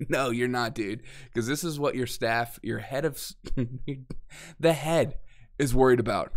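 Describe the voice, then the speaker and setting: A man's voice: medium pitch, unhurried. Mocking, exasperated male commentary host. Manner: mocking, exasperated, laughs often and acts out quotes. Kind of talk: casual opinion monologue.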